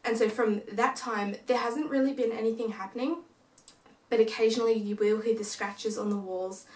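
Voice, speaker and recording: A woman's voice: a little high, normal speed, distant mic. A young woman vlogger casually telling a ghost story, acting out what her family said. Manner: animated retelling that acts out quoted family lines. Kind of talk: casual storytelling of a paranormal experience. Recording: echoey room, voice away from the mic.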